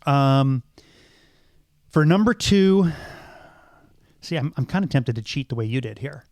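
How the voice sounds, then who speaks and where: Middle-aged guy on a podcast, gravelly, lots of ums and restarts, dry close mic. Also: mid-range voice, animated, unhurried, a little mellow, no room sound. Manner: thoughtful, many restarts and ums. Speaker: podcast co-host. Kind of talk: casual film discussion.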